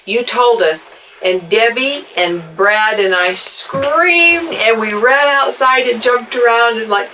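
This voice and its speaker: A middle-aged woman, an adult daughter, telling her mother a family memory with lively retelling. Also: fairly high pitch, background noise. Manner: animated when retelling, slow pace. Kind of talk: casual family storytelling.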